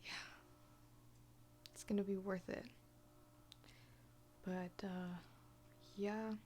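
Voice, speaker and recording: A young woman chatting in a personal vlog, soft-spoken and often dropping to a half-whisper, with many fillers and restarts. She talks slowly and without hurry. A faint hum sits under the recording. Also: mid-range voice, flat delivery. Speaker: vlogger.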